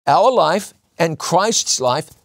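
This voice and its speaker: A man preaching a sermon in an emphatic way, repeating lines for stress and slowing on key words. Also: a little high, lively intonation, no room sound, studio quality.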